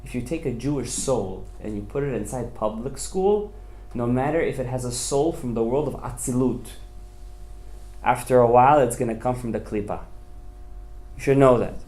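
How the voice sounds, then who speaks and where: A man's voice: medium pitch, moderate pace, a little mellow. A man, a rabbi, giving a passionate sermon with dramatic, emphatic storytelling. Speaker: rabbi teaching a Torah class.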